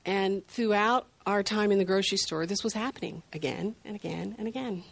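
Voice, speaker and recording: An older grandmother telling a heartfelt personal story in an unhurried, reflective way. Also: mid-range voice, vocal fry. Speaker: group sharer.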